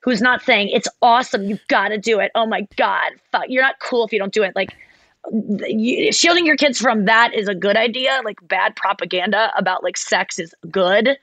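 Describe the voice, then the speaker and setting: Woman co-host, casual rambling chat, mid-pitched, dry close recording. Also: normal speed, a bit bright, dry recording. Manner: candid, rambling, self-correcting. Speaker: podcast co-host, comedian.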